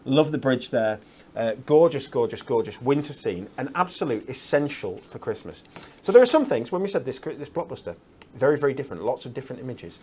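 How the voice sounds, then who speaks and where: A man's voice: mid-range voice, very animated, fairly quick, a little mellow, husky. A man presenting craft products on a shopping channel, chatty and upbeat with lots of fillers. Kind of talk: enthusiastic product demonstration.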